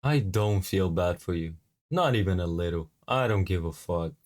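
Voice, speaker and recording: A man reacting to a clip, talking bluntly and scornfully, swearing and pausing on fillers. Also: deep voice, expressive, a little mellow. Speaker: reaction video host. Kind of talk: profane reaction commentary.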